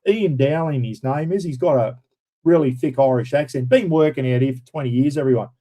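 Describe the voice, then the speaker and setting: A dark-toned, mid-range voice moves a little fast as an Australian livestream host vents bluntly and indignantly. He swears freely and refers to viewers as "everyone," over poor-quality audio.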